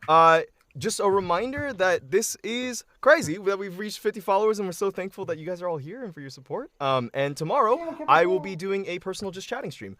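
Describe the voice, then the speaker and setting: A man's voice: sits high, expressive, a little fast, pushed and bright. A man running a tabletop game on a stream, narrating casually with many fillers.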